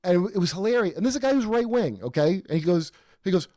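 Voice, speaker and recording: A man hosting a podcast in casual chat, rambling and animated with many fillers and restarts. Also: sits high, fast talker, no echo, clean studio sound. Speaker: podcast host.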